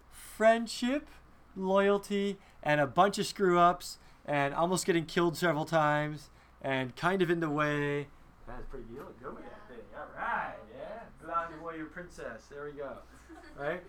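A man leading a film discussion in a lively, emphatic teaching style, often asking his listeners rhetorical questions. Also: a little high. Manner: emphatic, conversational.

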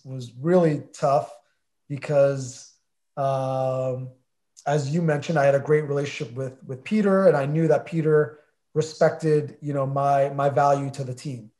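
A man's voice: medium pitch, fairly even intonation, unhurried, darkish tone. A man in his forties, an interview guest, telling a story in a chatty way with many fillers and acted-out conversations. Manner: chatty, filler-heavy, acts out quoted conversations. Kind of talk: casual anecdotal storytelling.

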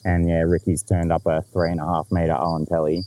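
A man's voice: deep voice, flat delivery, fast, dark tone, a little hiss or hum. A man with an Australian accent telling a story in casual podcast chat, laid-back, swearing freely and laughing along.

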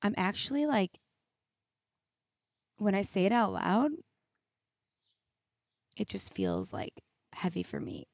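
A young woman hosting her own podcast speaks slowly in a mid-range, gravelly voice whose pitch swoops wildly, pausing often. Her emotional solo monologue is candid and reflective, teary in places and thick with "like." A studio mic with headphones gives clean sound with no echo.

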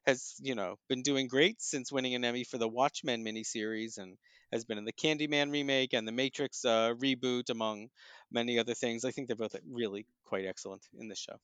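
A man reviewing plays and films in a casual chat, thoughtful and often pausing with ums and restarts. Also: medium pitch, steady tone, a bit bright, clear, resonant tone, dry recording. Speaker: theater and film critic.

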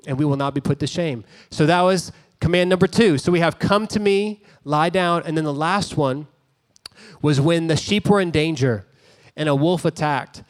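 A man preaching a sermon as a pastor, telling a story in a conversational way with casual asides. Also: on the high side.

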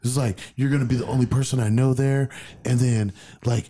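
A man in his thirties telling a story in casual chat, animated and profane, acting out the quotes. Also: a little fast. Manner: animated, profane, acts out quotes in a mocking high voice.

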